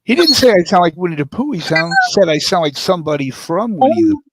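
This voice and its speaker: A man with a gravelly voice in casual chat, making wry, self-deprecating jokes. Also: sits high, very animated, fast, a little hiss or hum.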